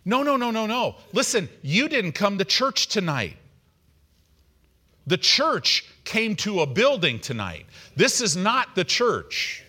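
Middle-aged pastor guy preaching, kinda high voice, acts out little quotes, super animated. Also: slow pace, husky. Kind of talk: sermon.

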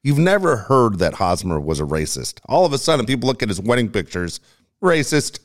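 A man's voice: mid-range voice, big pitch swings, a little fast. A man co-hosting a sports talk show, making his point emphatically. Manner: emphatic, argumentative, exclaiming. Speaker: sports radio co-host.

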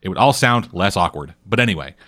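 A man's voice: deep voice, lively intonation, a little fast, a bit bright, no room sound. Profane man recapping a show, dry sound. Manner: profane, rambling storyteller. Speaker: podcast co-host. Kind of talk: casual chat recapping a TV show.

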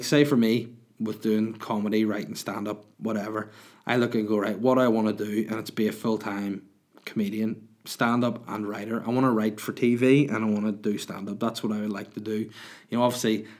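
With a lowish, slightly mellow voice, this comedian fields listener questions on his own podcast. The mood is loose, casual solo conversation.

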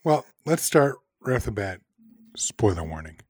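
A man co-hosting a casual podcast, sarcastic and quick to laugh and swear as he critiques. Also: lowish voice, sing-song, slightly rough, no echo, studio quality. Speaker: podcast co-host.

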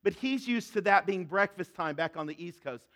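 A man's voice: high voice, expressive, normal speed, a bit bright. A man preaching a sermon, retelling a story with quoted voices before reading scripture. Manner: storytelling, acting out quoted speakers. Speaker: pastor.

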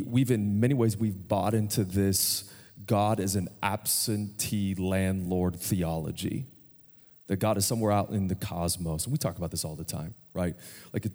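A man's voice: deep voice, darkish tone. A man in his thirties with an American accent, preaching a conversational sermon, telling a family story and asking the congregation questions. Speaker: pastor. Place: church sanctuary. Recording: long church hall reverb.

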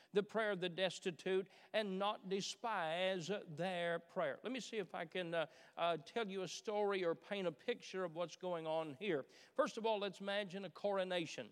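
A man preaching a sermon as pastor, animated, with many filler uhs and repeated starts, asking the congregation questions. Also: sits high, smooth. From Kentucky, USA. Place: church sanctuary. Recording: church hall reverb.

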